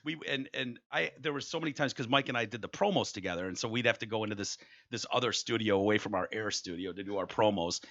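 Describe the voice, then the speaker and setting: Gravelly-voiced man telling radio stories. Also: fairly low pitch, quick pace, hardly any pauses, lo-fi sound. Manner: swears freely, animated storytelling. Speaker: radio host. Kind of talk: casual podcast chat.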